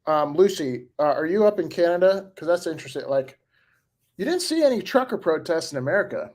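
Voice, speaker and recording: Very animated and brisk, this man in his forties answers comments on his live stream in a loose, rambling manner, with fillers and chuckles. His voice is a little high and a little mellow.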